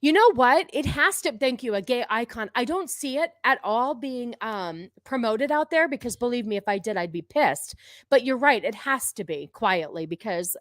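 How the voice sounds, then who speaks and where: A woman's voice: fairly high pitch, expressive, normal speed, dry recording, studio quality. A woman in her forties hosting a live stream, commenting on videos in a sarcastic, profane, ranting way. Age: 40s. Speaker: streamer host.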